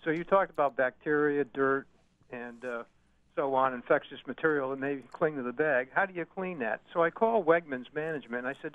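A man calling in to a radio show on a tinny, dry phone line. His voice sits a bit high, and he halts on many uhs as he presses an indignant complaint. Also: dry recording. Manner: halting, full of uhs, indignant. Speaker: caller. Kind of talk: phone-in call.

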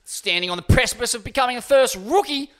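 An Australian man co-hosting a mock-serious sports chat, theatrical and grandiose, with rough slang. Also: very high-pitched, animated, fast, a bit bright. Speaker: co-host.

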